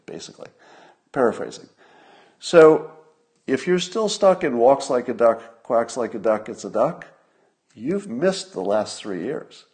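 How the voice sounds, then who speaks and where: An older man talks straight to his viewers in a solo commentary, his voice sitting at an ordinary middle pitch. He sounds conversational and a little musing, circling back over his points and throwing out rhetorical questions. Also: sing-song, a little slow, darkish tone. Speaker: host of a commentary stream.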